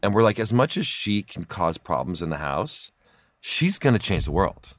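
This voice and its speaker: Middle-aged male comic guest, deep voice with big swings, dry close mic, animated storyteller. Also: moderate pace, no echo. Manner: animated, laughing anecdotes about his kids. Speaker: comedian guest. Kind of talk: casual podcast chat, storytelling.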